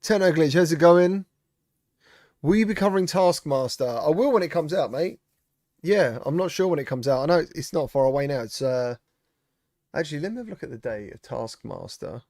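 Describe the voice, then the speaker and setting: A man's voice: on the high side, expressive, a little fast, darkish tone, no echo, clean studio sound. Chatty man greeting live-stream viewers. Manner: chatty, reads out viewer comments and greets them. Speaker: streamer host. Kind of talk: casual live-stream chat.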